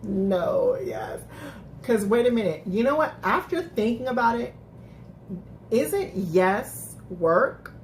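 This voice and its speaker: A woman's voice: on the high side, sing-song, slow pace, a little hiss or hum. A woman hosting a casual live-stream recap, chatting with viewers, laughing often and restarting her sentences. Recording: echoey room.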